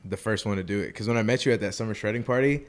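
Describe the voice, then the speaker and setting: A young man hosting a casual chat, telling an animated story and acting out the people in it. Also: fairly low pitch, racing.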